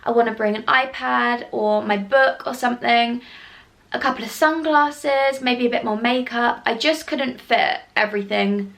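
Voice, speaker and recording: Young woman lifestyle vlogger, casual and gushing, slightly high voice, lots of fillers. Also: measured pace, gravelly, a bit bright. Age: 20s. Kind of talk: casual chat to camera.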